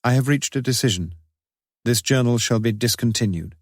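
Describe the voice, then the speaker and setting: A man's voice: medium pitch, moderate pace, dry recording, studio quality, close to an everyday voice. A man reading a grieving father's confessional diary in a solemn, despairing, theatrical way.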